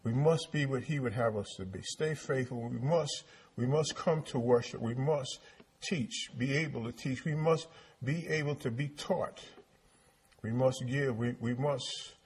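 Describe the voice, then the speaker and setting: A man's voice: mid-range voice, measured pace, darkish tone, slightly rough. A man preaching a sermon, repeating his points and asking the congregation rhetorical questions. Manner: repetitive call-and-response preaching with rhetorical questions.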